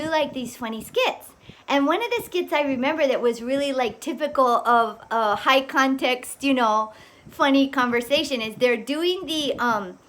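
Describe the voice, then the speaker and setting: A woman's voice: fairly high pitch, fairly bright tone, a little hiss or hum. A middle-aged woman, telling casual, rambling stories to her viewers. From Hawaii. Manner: rambling, with many fillers and frequent laughs. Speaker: vlogger. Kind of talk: casual storytelling monologue.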